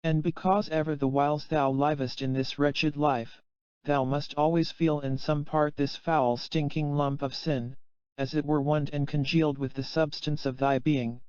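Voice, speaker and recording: A man reads a spiritual text aloud in a slow, solemn, measured way. His voice is smooth and sits a little high for a man. The recording is dry and somewhat muffled. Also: darkish tone, no echo. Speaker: audiobook reader. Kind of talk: scripted reading of a spiritual text. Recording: dull, muffled, dry sound.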